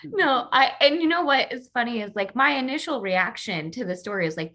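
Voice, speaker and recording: A woman joining a podcast as a guest, chatting casually in an animated, joking way. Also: medium pitch, brisk. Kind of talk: casual chat.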